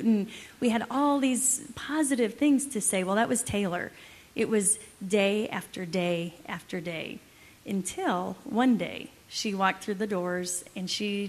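A woman co-presenting at a marriage event, telling a family story in a wry, conversational way. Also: mid-range voice. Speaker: marriage conference co-speaker. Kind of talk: storytelling talk to a live audience.

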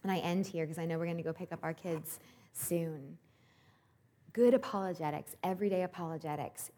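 A woman's voice: sits low, moderate pace. A woman in her thirties giving an earnest devotional talk, telling a story with animation. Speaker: speaker at a Christian event.

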